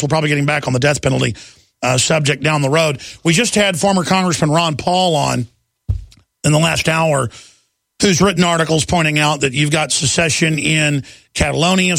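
A gravelly man hosts a political talk radio show, ranting fast and combatively. His voice sits a bit high and is recorded close and dry, with no room sound at all. He keeps mocking his opponents in quick bursts. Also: fairly bright tone, dry recording.

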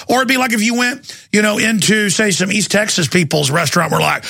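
A man's voice: high-pitched, expressive, fast talker, creaky, pushed and bright, dry recording. A man hosting a talk radio show, ranting sarcastically and with emphasis.

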